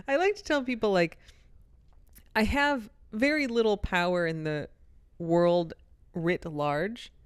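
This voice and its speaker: A middle-aged woman co-hosting a podcast, lively and quick to laugh, with a smooth, clear voice. She talks casually and swears now and then. The sound is dry and close. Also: mid-range voice, no room sound. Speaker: podcast co-host. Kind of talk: casual chat and reading a listener letter.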